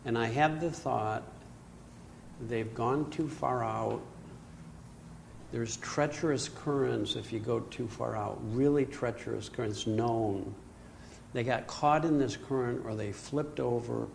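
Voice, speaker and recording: An older man telling a personal story in an animated way, acting out his own panic. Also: medium pitch, slow pace, gravelly, slight background noise. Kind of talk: storytelling talk.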